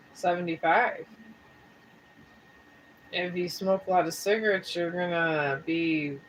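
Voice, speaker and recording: On a low-quality recording with a little hiss or hum, a woman with a fairly low voice chats on her live stream. The tarot reader is rambling and folksy, talks straight to viewers, and sounds somewhat tired with a sore throat.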